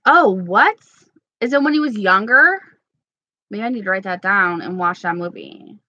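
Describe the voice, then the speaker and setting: A woman's voice: medium pitch, moderate pace, bright, forceful tone, dry recording, dull audio. A woman casually chatting with her viewers, playful and gossipy, laughing often. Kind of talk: casual chat reading live comments.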